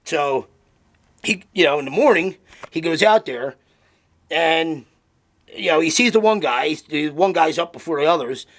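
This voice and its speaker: A man's voice: on the high side, lively intonation, measured pace, long pauses, fairly bright tone. A man telling a long joke in a rambling, chatty way with many fillers. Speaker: comedian.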